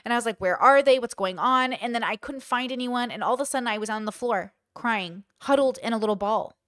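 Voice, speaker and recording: Woman host rambling through a personal story, fairly high voice, dry close sound, acts out the quotes. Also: fast, no echo. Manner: candid, animated storytelling with acted-out quotes. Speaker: commentary channel host. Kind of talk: casual commentary monologue.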